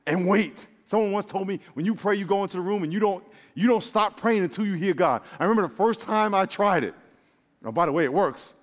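A man preaching a sermon to his congregation, animated and joking, calling them y'all and acting out little voices. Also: sits high, brisk. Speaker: pastor. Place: church. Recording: long reverb of a large hall.

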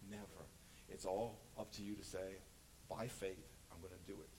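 A man preaching a sermon as pastor, animated and joking, acting out quotes. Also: deep voice, moderate pace, a little hiss or hum, rough recording.

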